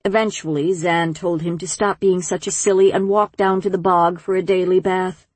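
A woman narrating an audiobook in a measured, gentle storytelling manner. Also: lowish voice, steady tone, no echo. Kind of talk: scripted narration.

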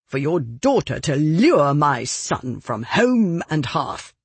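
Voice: mid-range voice, sing-song, a little slow, slightly rough, no echo. An audiobook reader voicing a haughty, indignant older noblewoman who scolds with scorn. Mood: grudging. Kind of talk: audiobook character reading.

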